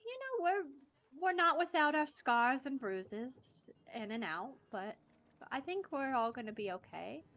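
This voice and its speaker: A woman playing a mother greeting her returned child in a tabletop game, in an eager, fussing, halting way. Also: high voice, sing-song, fairly bright tone, exaggerated voice. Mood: tender.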